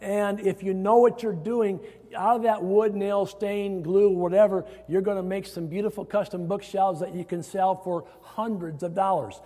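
A man's voice: sits high, steady tone, normal speed, dark tone. A man from Iowa, a pastor preaching a sermon to his congregation, stressing phrases as his voice rises. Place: church sanctuary. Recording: hall reverb.

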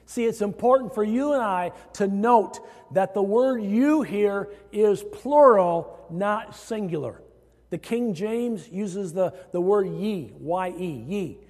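A man's voice: sits high, lively intonation, slow, darkish tone. A man from Iowa, a pastor preaching a sermon to his congregation, stressing phrases as his voice rises. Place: church sanctuary. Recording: hall reverb.

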